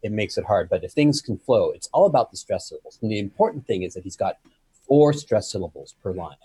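Animated husky-voiced man arguing a point. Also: on the low side, quick pace, no room sound. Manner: argumentative, animated, explains stresses with sweeping emphasis. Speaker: podcast co-host. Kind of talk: casual debate.

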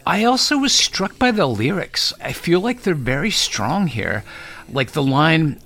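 A man's voice: a little high, sing-song, unhurried, fairly bright tone. A man co-hosting a podcast, chatting casually about songs and laughing at himself now and then. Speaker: podcast co-host reviewing songs. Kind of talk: casual chat.

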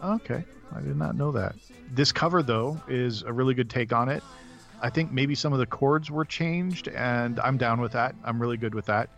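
A man's voice: mid-range voice, normal speed, creaky, fairly bright tone, lo-fi sound, soft background music. A man co-hosting a podcast, chatting in an easygoing way and repeating himself about a song. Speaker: podcast co-host. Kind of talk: casual music review chat.

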